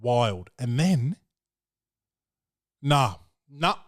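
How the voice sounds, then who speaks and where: A man's voice: medium pitch, sing-song, drawn-out words, dry recording, studio quality. A man hosting a podcast, telling crude, rambling stories in casual chat. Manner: rambling, profane storytelling, peppered with "bro". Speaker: podcast host.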